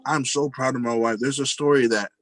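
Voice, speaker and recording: A man's voice: mid-range voice, fairly even intonation, fairly quick, a bit bright, rough recording. A married man telling personal stories in a casual, earnest, rambling monologue, often saying "you know" and calling his listeners "guys". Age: adult, married with a family.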